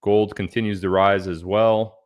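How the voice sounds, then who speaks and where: A man's voice: on the low side, fairly even intonation, measured pace, a little mellow. A man hosting a casual livestream, chatting loosely and reading out where viewers are from. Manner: chatty, reads out viewer locations. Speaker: livestream host.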